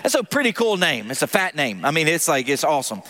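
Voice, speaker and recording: A Southern US pastor preaching with a high, lively voice that swings up and down as he calls for the congregation's replies. He keeps a bright, forward tone and drops in jokes about himself. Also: fast. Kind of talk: sermon.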